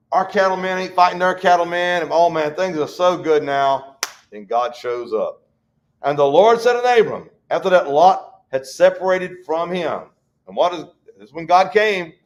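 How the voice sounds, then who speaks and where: A man teaching a Bible study, folksy and conversational, reading scripture slowly. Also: high voice.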